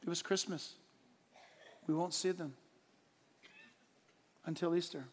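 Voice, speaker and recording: A man preaching a sermon as pastor, emphatic and swinging from hushed asides to shouted points, with a stage microphone in a church sanctuary. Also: fairly high pitch, fairly even intonation, takes it slowly. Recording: long hall reverb.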